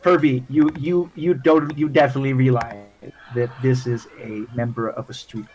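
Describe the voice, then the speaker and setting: A man's voice: mid-range voice, fairly even intonation, moderate pace, crowd noise, rough recording. Rambling male game master. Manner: rambling, many fillers and restarts. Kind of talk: tabletop game narration.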